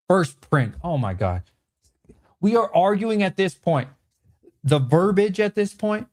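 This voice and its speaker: A man with an animated, bantering manner, hosting a casual livestream Q&A from home and answering chat comments. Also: high-pitched, measured pace, long pauses. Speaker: host.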